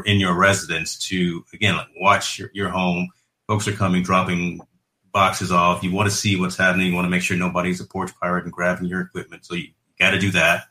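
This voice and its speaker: Deep, bright-voiced man in an echoey room. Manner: relaxed, conversational, restarts phrases. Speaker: podcast host. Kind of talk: casual tech chat.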